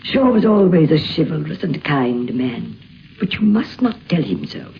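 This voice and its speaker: A woman's voice: low-pitched, big pitch swings, unhurried, gravelly. A woman giving a wistful, lilting reminiscence of an old friend. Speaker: interviewee recalling a friend. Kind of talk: spoken reminiscence. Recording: muffled old radio recording with faint hiss.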